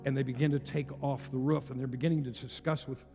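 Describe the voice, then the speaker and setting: A man in his sixties, a pastor, preaching with passionate rising declarations and quieter storytelling. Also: medium pitch, little pitch movement, fast talker. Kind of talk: sermon. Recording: long hall reverb with faint music.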